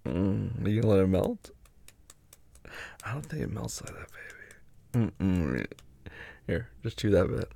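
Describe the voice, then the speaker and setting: A young man speaking slowly and closely in an intimate audio role-play. His gravelly, mellow voice stays hushed, often slipping into a breathy whisper. The recording is dry and close, with no room around it. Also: fairly low pitch, dry recording. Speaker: adult audio performer.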